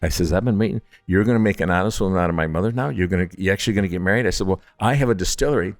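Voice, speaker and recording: A man's voice: very fast, faint music behind. A middle-aged man from upstate New York, telling stories as a distillery founder in a casual interview, acting out the voices of the people in them. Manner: animated storyteller, acts out quoted voices with big pitch jumps. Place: at his distillery.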